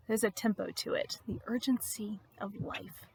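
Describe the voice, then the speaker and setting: A woman reading her devotional blog aloud in a reflective, expressive way, with emphatic repetition. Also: mid-range voice, moderate pace, creaky, few pauses, slightly rough.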